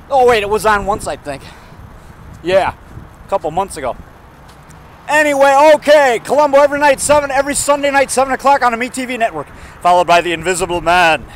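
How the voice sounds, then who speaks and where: Casual male vlogger, high-pitched voice, rambling and jokey, faint traffic behind him. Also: a bit bright, low-quality recording. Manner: rambling, jokey, chuckles at own jokes.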